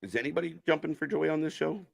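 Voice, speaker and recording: A man's voice: on the high side, fast, gravelly. A man hosting a live watch-party stream, giving loose, profane commentary and answering chat. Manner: profane, rambling, jokey, chats with viewers. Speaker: live stream host reacting to wrestling.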